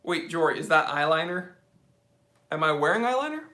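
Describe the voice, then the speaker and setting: American guy hosting a live q&a, high bright voice, jokey, echoey room. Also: very animated, a little fast. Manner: joking, playful, reading comments aloud. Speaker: host. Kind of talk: live Q&A stream chat.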